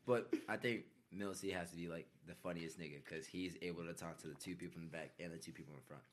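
A man co-hosting a podcast teases the others with quick questions. His voice is low and his speech fast, and he keeps it casual. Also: steady tone. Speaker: podcast co-host. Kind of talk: casual chat.

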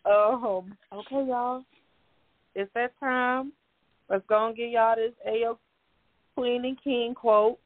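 A woman's voice: fairly high pitch, steady tone, slow pace, no room sound. A woman co-hosting a casual podcast, talking straight to her listeners with slang and pet names. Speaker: podcast co-host. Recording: tinny phone-like sound.

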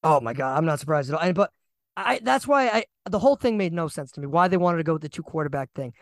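A young man co-hosting a casual sports podcast, animated and ranting, often repeating himself. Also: fairly high pitch, quick pace, dry recording. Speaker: podcast co-host.

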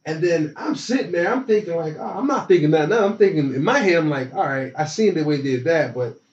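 A young man telling stories in casual conversation, animated and acting out the voices of people in his anecdotes. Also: a little high, a little fast, distant mic. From from a small town. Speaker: interview guest. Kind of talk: casual storytelling. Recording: roomy, dull and slightly noisy.

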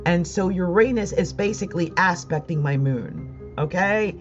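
A woman's voice: fairly low pitch, moderate pace, highs cut off, faint music behind. A woman vlogging about astrology, talking casually and emotionally, rambling with laughs and close to tears. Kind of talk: casual monologue to viewers.

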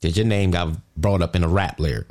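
A man hosting a podcast, ranting indignantly in casual, profane street slang, often jumping high with emphasis. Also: brisk, a little mellow. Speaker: podcast host.

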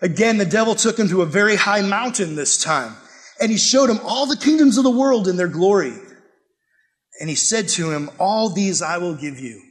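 A man's voice: sits high, expressive, moderate pace. A man preaching a sermon, emphatic and conversational, with frequent rhetorical questions. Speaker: pastor.

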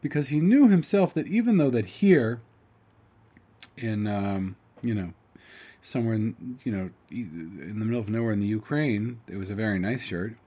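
A man teaching, reading a story aloud and translating it line by line, halting often with fillers and restarts. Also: on the low side, animated, mellow, slightly rough. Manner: halting, with fillers and self-corrections.

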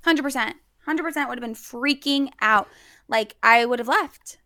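Woman, bright voice, fairly high, upbeat, trendy slang, podcast co-host, casual chat. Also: moderate pace, no room sound, studio quality.

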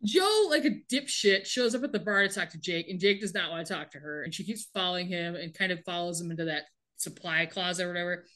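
A woman's voice: on the low side, fairly bright tone. A woman co-hosting a podcast, recapping a TV episode in casual chat with a wry, laughing manner, quoting the characters' lines. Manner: wry, laughing, reads show lines in quick put-on voices. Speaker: podcast co-host.

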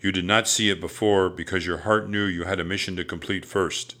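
A man voicing a calm, wise old ninja master in a storybook read-aloud, speaking solemnly and kindly. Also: sits low, brisk.

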